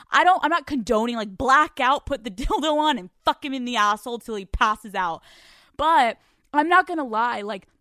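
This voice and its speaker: A young woman hosting a casual advice podcast, profane and animated, often laughing and acting out quotes. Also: a little high, dry recording, clean studio sound. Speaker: podcast host answering listener questions.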